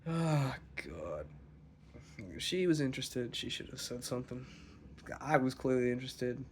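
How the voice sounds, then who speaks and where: A young man rambles through a story for his vlog, swearing freely and getting animated as he talks. His voice has a gravelly, fry-laden edge and sits at an ordinary pitch. A faint hiss of background noise runs underneath. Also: unhurried. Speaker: vlogger. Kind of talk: casual storytelling journal.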